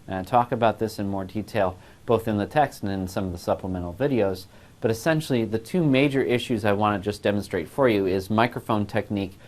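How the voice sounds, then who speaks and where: A man's voice: on the low side, brisk. A male voice class instructor giving a recorded lecture on a lapel mic, explaining patiently and step by step.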